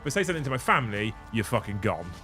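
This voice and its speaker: A man's voice: fairly low pitch, very animated, rapid-fire, sharp tone, faint music behind. A man hosting a hobby livestream, chatting casually with rambling, sweary banter. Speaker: livestream host.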